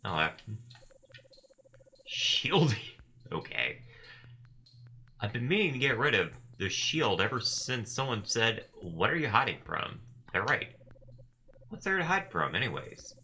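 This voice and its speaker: Slow, bright-voiced man doing game commentary. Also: on the low side, big pitch swings. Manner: wry, muttering asides and mock-sarcastic quips. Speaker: gameplay commentator. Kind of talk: casual gameplay commentary with read-aloud game text.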